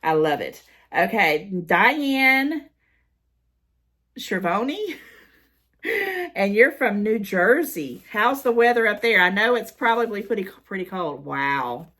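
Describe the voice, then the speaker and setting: A woman's voice: medium pitch, expressive, takes it slowly, a bit bright. A middle-aged American woman chatting casually as she reads fan mail aloud, gushing and emotional, often repeating her words. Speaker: haul vlogger.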